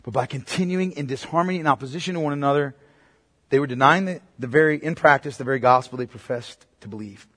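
A male pastor preaches a sermon emphatically, often putting rhetorical questions to the congregation. His mid-range voice is a bit bright and quick, with the long reverb of a large hall around it.

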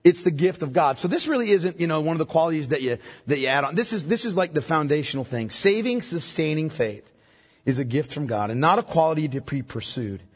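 A man preaches a sermon in an emphatic way, often stopping to ask the congregation whether they are following. His voice is husky and sits a little high, and his pitch rises and falls a great deal. The sound carries the long reverb of a large church hall. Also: lively intonation, fairly quick. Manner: emphatic, asks the congregation questions. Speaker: pastor.

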